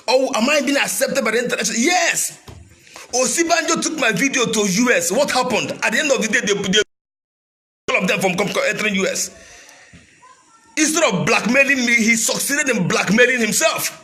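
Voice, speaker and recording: A fiery Nigerian man with an Igbo mother tongue, his voice pitched very high and sharply bright. He declaims to his followers as a militia leader, alternating shouted lines with a sing-song cadence. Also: brisk. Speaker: self-styled militia leader. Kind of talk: impassioned speech to followers.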